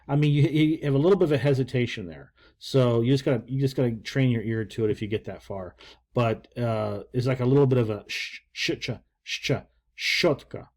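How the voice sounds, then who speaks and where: A man's voice: mid-range voice, fast, dark tone. An older man giving a casual, rambling video language lesson with folksy joking asides. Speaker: Russian language teacher.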